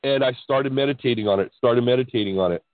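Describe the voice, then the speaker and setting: A man's voice: mid-range voice, fast talker, dry recording. Man on a tinny dry phone line. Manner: excitable, animated retelling with many restarts. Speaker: podcast guest. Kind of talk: casual storytelling about spiritual experiences.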